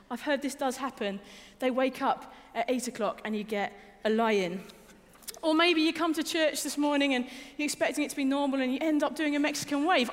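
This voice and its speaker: A woman from England giving a sermon in a church hall, chatty and self-deprecating, with light jokes about everyday life. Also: high voice. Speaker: preacher.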